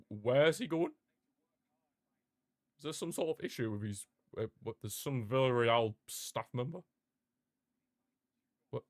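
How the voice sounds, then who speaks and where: A man's voice: mid-range voice, no room sound, clean studio sound. A young man, chatting casually and reacting aloud while he watches a football match live.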